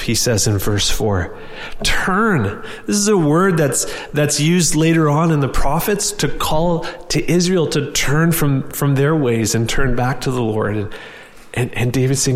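A man's voice: medium pitch, lively intonation, measured pace, big-room sound. A man preaching a sermon in an earnest, direct way, often restarting and repeating words.

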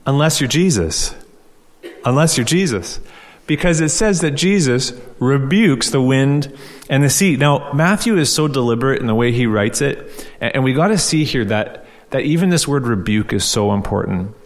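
A man's voice: mid-range voice, lively intonation, normal speed. Guy preaching a sermon, chatty, keeps asking the crowd questions, big echoey church hall. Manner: conversational preaching, rhetorical questions, repeats key phrases. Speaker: pastor. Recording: long hall reverb.

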